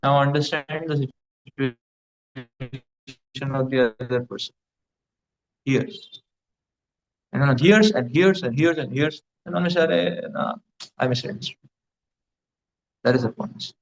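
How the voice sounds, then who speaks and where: A man's voice: mid-range voice, slow pace, pauses often. A man giving a devotional lecture as a spiritual teacher, rambling with many fillers like "you know". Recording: dull lo-fi recording.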